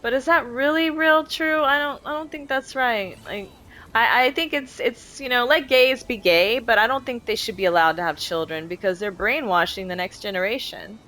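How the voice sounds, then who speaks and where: A woman's voice: a little high, normal speed, sharp tone, poor audio. A woman streamer chatting casually while playing a game, rambling in a heated, profane way. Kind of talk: casual chat while gaming.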